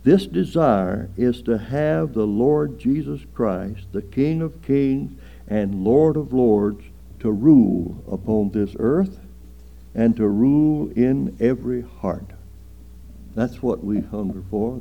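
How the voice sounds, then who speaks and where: A man preaching a sermon slowly and earnestly, drawing out phrases and rising for emphasis. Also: medium pitch, creaky. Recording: dull lo-fi sermon recording.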